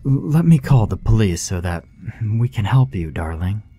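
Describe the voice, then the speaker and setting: A man voicing a lonely, kind middle-aged woman who speaks in a gentle, cooing, reassuring way in a horror story reading. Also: fairly low pitch, very animated, a little slow, husky, full character voice. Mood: flustered.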